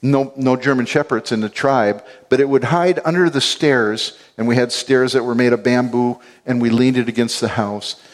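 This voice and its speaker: A middle-aged man delivers a sermon as pastor. He tells stories in a lively way, slipping into little acted-out quotes and chuckles. His voice sits in an ordinary middle range for a man. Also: medium pitch, normal speed, few pauses. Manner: animated storytelling with acted-out quotes and laughs.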